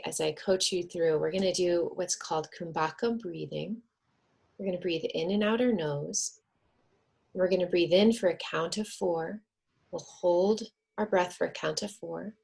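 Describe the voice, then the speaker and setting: Woman on a video call coaching breathing, soft and earnest, kinda raspy. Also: lowish voice. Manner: soft, earnest, counts slowly. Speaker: wellness speaker.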